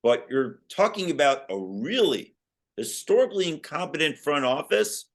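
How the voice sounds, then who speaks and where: Lively young man hosting sports chat. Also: a little high, moderate pace. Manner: lively, quizzing his co-host. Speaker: podcast co-host.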